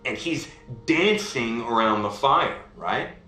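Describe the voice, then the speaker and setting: A man telling a bedtime fairy tale on a video call, animated, going up high with excitement and down low for suspense, and checking in with his listener. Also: slow pace, echoey room. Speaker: parent telling a bedtime story.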